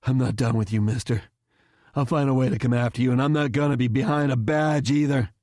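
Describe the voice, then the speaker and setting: A man doing a hoarse blustering agent. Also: medium pitch, steady tone, brisk, darkish tone, dry recording, clean studio sound, natural voice. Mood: defiant. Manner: raised, blustering, defiant. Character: hoarse, defiant male federal agent, blustering.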